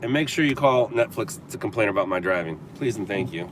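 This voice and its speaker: A man's voice: on the low side, expressive, a little fast, noisy background. A man from Southern California hosting a casual livestream, talking back to viewer comments in a sarcastic, riffing way. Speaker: livestream host. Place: in a car.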